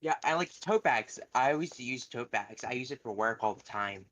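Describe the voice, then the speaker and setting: A young man on a call, bantering in a loose, joking way that trails off into fillers. His voice is bright and tense. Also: mid-range voice, expressive, normal speed. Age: young adult. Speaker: guest on call. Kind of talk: casual chat.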